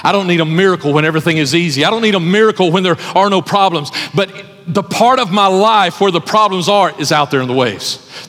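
A man's voice: high voice, a little fast, fairly bright tone. Man, pastor, emphatic sermon, repeated phrases, church hall, long reverb.

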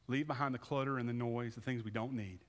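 A man's voice: mid-range voice, fairly even intonation, quick pace. A man in his thirties preaching a conversational sermon, with frequent restarts and repeated words as he calls people forward. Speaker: pastor. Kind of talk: sermon with altar call. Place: church sanctuary. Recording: reverberant hall.

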